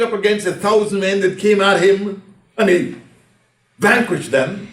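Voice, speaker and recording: Speaking a little slowly in a high, somewhat bright voice, a man delivers a sermon in a church hall. He dramatizes the story and keeps asking the congregation rhetorical questions. The sound is distant, with the hall's roominess audible.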